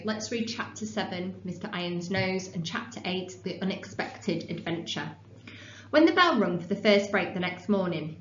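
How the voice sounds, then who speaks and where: A woman teacher explaining punctuation and reading a novel aloud in a clear, measured way, recorded in a classroom. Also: mid-range voice, a bit bright. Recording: echoey room, dull sound, faint hum.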